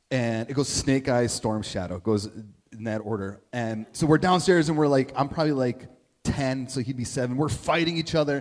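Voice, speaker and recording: A middle-aged man giving a sermon as a pastor, telling stories in a conversational way and asking "right?" often. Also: mid-range voice. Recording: long reverb of a big hall.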